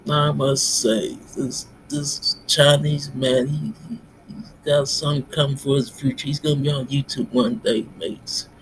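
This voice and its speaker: A man rambling in a monologue, tacking "mates" onto nearly every phrase in a halting, repetitive delivery. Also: medium pitch, level tone, slight background noise. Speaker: self-styled pastor vlogger.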